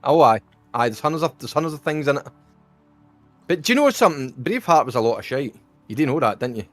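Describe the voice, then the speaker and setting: Middle-aged Scottish streamer, salty and quick to laugh; mid-pitched, faint music under. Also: male voice, lively intonation, dry recording. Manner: swears freely, laughs a lot. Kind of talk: casual gaming chat.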